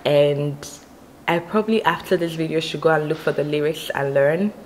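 A woman's voice: low-pitched, normal speed, slight background noise, poor audio. A young woman from Nigeria chatting casually to her viewers as a vlogger, giggly and full of "like" fillers. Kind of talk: casual chat between sung songs.

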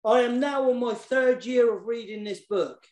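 A man's voice: very high voice, normal speed. Guy chatting about his kids books, eager, restarts a lot, roomy echo. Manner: warm and enthusiastic, repeats words while searching for them. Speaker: children's poet and author. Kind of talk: casual talk in an online author session.

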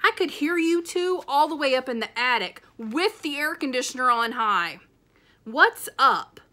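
A woman reading as a tired, worried mother who is firm but gentle with her kids. The voice is bright and clear, read aloud from a storybook. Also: high-pitched, expressive, measured pace, voice pushed up, full character voice. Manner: firm, coaxing.

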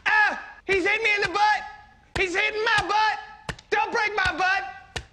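An actor playing a crude, belligerent president who heckles a play, shouting and swearing. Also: male voice, very high-pitched, fairly even intonation, a little slow, noisy background. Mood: panicked. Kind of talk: sketch comedy acting.

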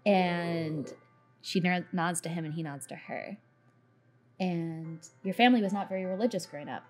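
A woman with a slightly husky voice runs a tabletop game as its dungeon master. She narrates scenes to her players in a loose, wandering way, full of fillers and restarts. Her pitch sits in the middle for a woman, with faint music underneath. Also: moderate pace, a little mellow. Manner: descriptive, meandering narration with fillers.

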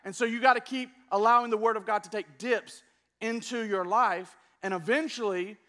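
High bright-voiced male pastor. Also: moderate pace. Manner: energetic, coaxing the congregation to join in. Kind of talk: sermon teaching. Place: church service before a congregation.

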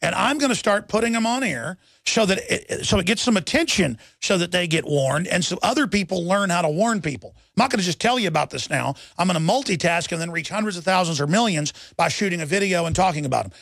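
A man with a gravelly, fry-laden voice pitched a little high holds forth on talk radio. He rambles urgently and restarts his sentences as the story runs on. The studio sound is dry and close. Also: animated, fast talker, few pauses, a bit bright, dry recording. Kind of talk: impassioned talk radio monologue.

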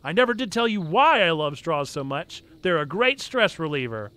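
A man voicing an excitable young man in a storybook reading, given to loud outbursts. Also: a little high, normal speed, slight background noise. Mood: excited.

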